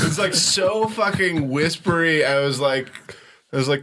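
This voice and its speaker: A man's voice: fairly high pitch, unhurried, background noise. A man who is a guest on a casual podcast chat, joking crudely.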